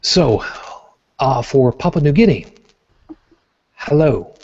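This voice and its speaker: Man, New York accent, podcast host, rambling and jokey, mellow dark voice, muffled lo-fi audio. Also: mid-range voice, animated, moderate pace. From Brooklyn, New York. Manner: rambling, jokey, with frequent fillers and restarts. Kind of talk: casual chat.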